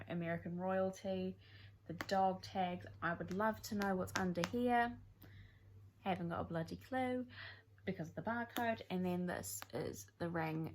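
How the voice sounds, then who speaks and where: A woman's voice: lowish voice, a little hiss or hum. A woman in her twenties chatting casually in a reading vlog, rambling and self-deprecating as she talks through a book. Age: 20s. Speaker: book vlogger.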